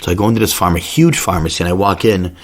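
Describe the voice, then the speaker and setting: A man's voice: low voice, fairly even intonation, quick pace. A man hosting a podcast, telling a rambling, profane story in a casual rant. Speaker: podcast host.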